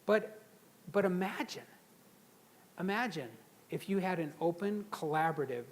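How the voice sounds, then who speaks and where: Lively middle-aged man leading a seminar. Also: on the high side. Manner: lively, engages the audience with frequent questions. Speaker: leadership seminar speaker. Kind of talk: live seminar talk to an audience.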